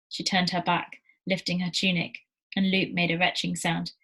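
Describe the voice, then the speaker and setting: Teacher lady reading a novel to the class, lowish voice, steady, trips on a word now and then. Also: moderate pace, poor audio. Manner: steady storytelling with small slips and restarts.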